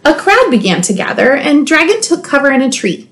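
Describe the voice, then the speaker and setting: A woman's voice: sits high, brisk. Playful woman librarian reading aloud. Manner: expressive, playful asides. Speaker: school librarian. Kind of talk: storybook read-aloud for children.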